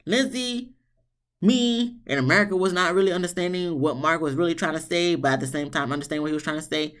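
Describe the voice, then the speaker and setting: Sassy recap vlogger, blunt, swears, voice leaps high when exasperated, mid pitch. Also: fast talker, fairly bright tone. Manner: jumps into high exasperated tones. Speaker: TV show reviewer, channel host. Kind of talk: casual recap commentary.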